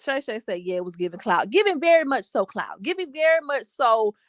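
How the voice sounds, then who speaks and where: Sassy young woman, bright voice, dry sound. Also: on the high side, a little fast, no room sound. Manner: animated, sassy, emphatic. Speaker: livestream host reading comments. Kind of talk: casual commentary chat.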